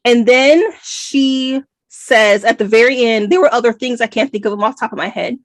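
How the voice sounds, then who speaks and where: American woman co-host, emphatic book chat, bright high voice, dry close sound. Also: normal speed, no room sound. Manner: emphatic, animated. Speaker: podcast co-host. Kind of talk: casual book review chat.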